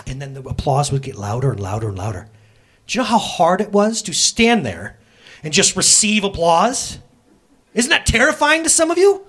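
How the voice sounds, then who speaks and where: A pastor preaches a sermon, talking straight to his congregation in a conversational way, with jokey asides and quick self-corrections. His medium-pitched voice is sing-song and a bit bright, with a breathy edge.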